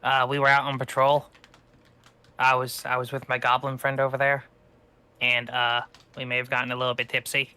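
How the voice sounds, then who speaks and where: A man's voice: medium pitch, completely flat delivery, normal speed, pushed and bright, clean tone, natural voice. A man voicing a cheeky female kobold adventurer who bluffs slyly.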